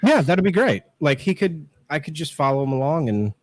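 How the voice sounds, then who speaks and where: A man's voice: on the high side, very animated, a little fast, no room sound, poor audio. A man in his thirties, a guest on a casual live-stream chat over a video call, joking and teasing himself and laughing often. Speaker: guest, political scientist and show host.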